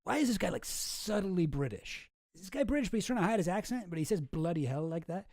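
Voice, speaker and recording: Male streamer host, fairly high mellow voice, sarcastic and rambling, dry close sound. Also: animated, fast, no echo. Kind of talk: casual livestream commentary.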